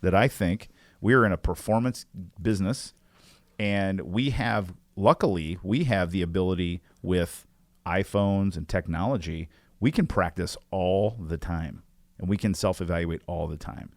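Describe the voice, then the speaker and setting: A man's voice: deep voice, normal speed, no echo. A man co-hosting a podcast, chatting casually in an upbeat, joking way and laughing often. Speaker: podcast co-host.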